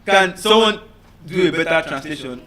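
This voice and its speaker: A man giving a classroom lecture, deliberately repeating words and often checking whether his students understand. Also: a little high, animated, fairly bright tone. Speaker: teacher.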